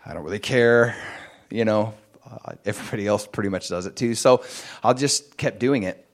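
A man preaching a sermon, telling his own testimony in a lively storytelling way. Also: normal speed. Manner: animated storytelling, jumps much higher and louder in excited moments.

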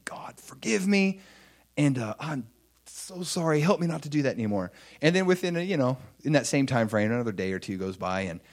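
A man preaching a sermon, telling his own testimony in an animated way, dropping to hushed asides and rising to excited shouts. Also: medium pitch.

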